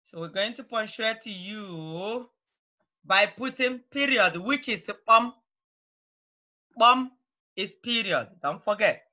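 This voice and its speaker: A woman teaching a beginner language class, patiently repeating phrases slowly and clearly for her students. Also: mid-range voice, animated, pushed and bright, lo-fi sound. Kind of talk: online language lesson.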